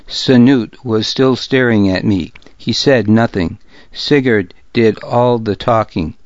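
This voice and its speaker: A man reads first-person narration slowly in a low voice, with a dry, wry edge. The audio is dull and dry. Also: dry recording.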